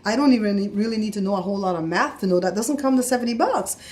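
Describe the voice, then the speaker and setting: A woman's voice: medium pitch, very fast. A middle-aged woman vlogging casually, telling a story with heat and acting out the voices of the people in it. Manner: animated, acts out quoted voices, gets heated.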